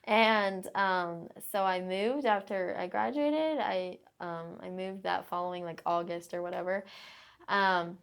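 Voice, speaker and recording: A woman's voice: on the low side, measured pace, gravelly, clear, resonant tone. A young adult woman, a podcast guest, telling stories in a casual, chatty way with lots of fillers. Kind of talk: casual storytelling interview.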